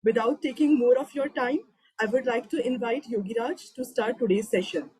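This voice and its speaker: Breathy woman giving a formal introduction. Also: on the high side, normal speed, dark tone, dry recording, rough recording. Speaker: host.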